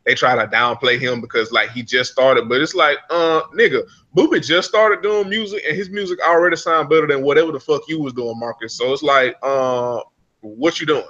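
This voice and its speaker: Bright-voiced man chatting in a lo-fi recording. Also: mid-range voice, fairly quick. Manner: rambling, profane, laughs a lot. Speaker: podcast co-host. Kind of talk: casual reality-TV recap chat.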